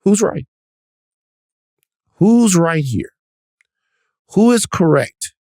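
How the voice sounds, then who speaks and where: A man hosting a casual podcast, setting up clips and posing questions deliberately. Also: sits high, very animated, dark tone, no room sound, clean studio sound. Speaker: podcast host.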